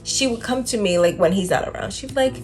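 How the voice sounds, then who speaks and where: A woman vlogger talks candidly about her own experience in a mid-range voice, with a loose, conversational delivery full of fillers. She is blunt and exasperated, and she leans on slang for emphasis. Soft music plays faintly underneath. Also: medium pitch, fast. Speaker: self-development vlogger. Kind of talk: casual personal storytelling to camera.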